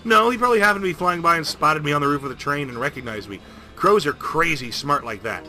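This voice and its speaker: A man narrating a video game playthrough in a jokey, rambling, animated way. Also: fairly high pitch, quick pace, soft background music. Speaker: game streamer. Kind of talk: comedic let's-play narration.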